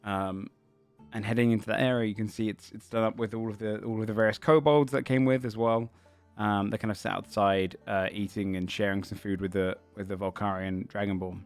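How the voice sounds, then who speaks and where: A man's voice: fairly low pitch, fairly even intonation, a little fast, soft background music. A man narrating a tabletop game as game master, describing scenes in a rambling way full of fillers.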